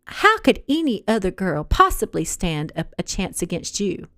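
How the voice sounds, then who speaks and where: A woman voicing a sassy, quick-tempered young woman who talks in a sarcastic, mocking way. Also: medium pitch, big pitch swings, sharp tone, no echo, studio quality.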